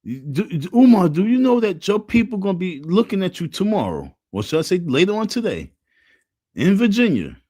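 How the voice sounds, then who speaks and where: Animated man ranting on a livestream. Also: high voice, a little fast, husky, dry recording, studio quality. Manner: animated, repetitive chanting, mocking voices. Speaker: livestream host. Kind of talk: casual livestream rant.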